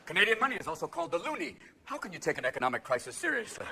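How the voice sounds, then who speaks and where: A middle-aged man doing a manic stand-up routine, switching rapidly between characters and bursting into shouts. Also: a little high, very animated, vocal fry. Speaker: stand-up comedian. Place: theater stage before a live audience. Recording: live show recording with crowd laughter and noise.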